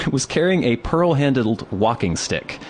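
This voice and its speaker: A man co-hosting a casual podcast, spinning a funny anecdote. His pitch swings widely as he acts out the people in his story. His voice sits at an ordinary middle pitch for a man. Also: unhurried, slight background noise. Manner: animated storyteller acting out quoted voices. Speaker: podcast co-host. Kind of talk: casual chat, comic storytelling. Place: Pacific Northwest town.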